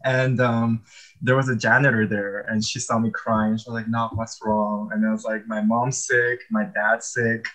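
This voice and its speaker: A man, an animation artist, telling his life story in a casual, animated way with frequent laughs. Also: on the low side, normal speed, poor audio.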